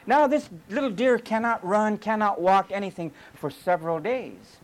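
A man's voice: sits high, moderate pace, rough recording. A male preacher delivering an emphatic sermon full of rhetorical questions.

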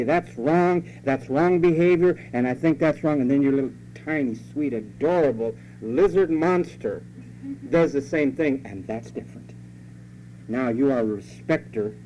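Warm in tone and medium in pitch, this male preacher delivers his sermon emphatically, with repeated key phrases and rhetorical questions aimed at the congregation. The recording is dull, lo-fi, and carries a faint hum.

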